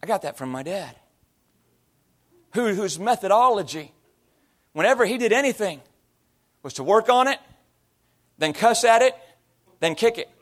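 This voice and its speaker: A man's voice: high voice, lively intonation, normal speed, pauses often, a bit bright. A middle-aged man preaching a sermon, telling stories with acted-out quotes and sound effects. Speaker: pastor. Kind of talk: sermon with storytelling.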